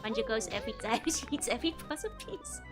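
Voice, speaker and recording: A woman's voice: a little high, lively intonation, quick pace. A young woman with a Dutch accent, a native Dutch speaker, chatting and giggling through casual gameplay commentary as a streamer and answering her chat. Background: game music.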